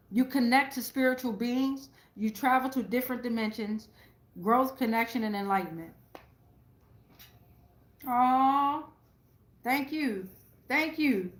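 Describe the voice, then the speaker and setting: A woman giving a casual tarot reading to her viewers, talking excitably with lots of profanity, repeating phrases and checking in with "right?" again and again. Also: a little high, echoey room. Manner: profane, keeps asking "right?". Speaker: tarot reader.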